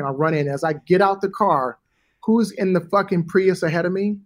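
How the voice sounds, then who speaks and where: A middle-aged man is telling a story as an interview guest, his voice a touch higher than most men's. He is animated and swears casually, and he acts out other people's lines as he goes. The delivery is relaxed and conversational. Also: moderate pace.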